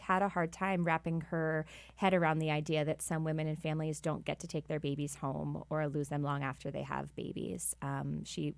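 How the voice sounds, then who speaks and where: A midwife co-host chats easily and tells a story from her life. Her voice sits a little low, and the sound is dry and close. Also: creaky, no echo. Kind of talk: casual podcast conversation.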